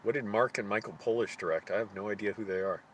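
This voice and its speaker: A man with a fairly low voice chats casually on a live stream, musing to himself and stumbling as he hunts for names. He trails off, restarts, and asks his viewers for help. A faint hiss of noise sits under the voice. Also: steady tone, fairly bright tone. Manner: thinking aloud, halting and searching for names.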